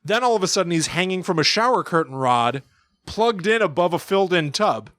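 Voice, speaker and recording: Animated man in his thirties, dry sound. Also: high-pitched, fairly quick, no room sound. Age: 30s. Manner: animated storytelling, acting out lines with laughs. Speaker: podcast co-host. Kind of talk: casual chat.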